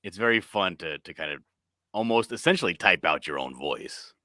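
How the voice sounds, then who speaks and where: A man's voice: low-pitched, animated, moderate pace, sharp tone, dry recording, studio quality. A man joining a livestream as a guest, talking in a laid-back way and swearing casually. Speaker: guest comic letterer.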